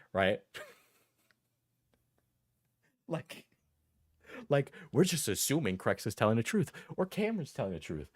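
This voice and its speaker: A man's voice: fairly low pitch, no echo, studio quality. A man streaming live, reacting to videos with mocking, profane commentary and frequent laughter.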